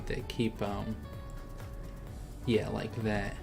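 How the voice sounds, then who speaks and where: A man's voice: on the low side, flat delivery, very slow, creaky, over music. A man chatting casually on a live stream as he draws, talking through his work and laughing often. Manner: chatty, laughs often, reads chat aloud. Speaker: artist streaming his drawing. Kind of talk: casual live-stream chat while drawing.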